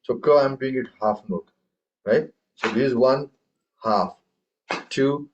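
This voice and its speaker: A male teacher leads a tabla lesson at a medium pitch, chanting rhythm syllables aloud. He stops often to quiz his students. The recording is dull and lo-fi. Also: slow, slight background noise. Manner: recites rhythm syllables aloud and quizzes the class. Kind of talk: classroom lesson.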